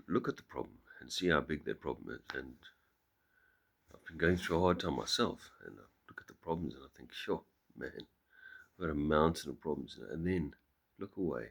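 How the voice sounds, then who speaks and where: A middle-aged man speaking softly to the camera on his farm early in the morning, halting and reflective, with many pauses and restarts. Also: extremely low pitch, creaky, breathy edge. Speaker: farm vlogger. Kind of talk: reflective personal talk to camera.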